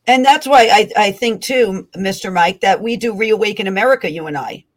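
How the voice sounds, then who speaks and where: A woman's voice: medium pitch, fairly quick. A woman hosting a podcast interview, affirming her guest with short agreements and speaking in longer turns. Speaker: podcast host. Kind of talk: interview talk.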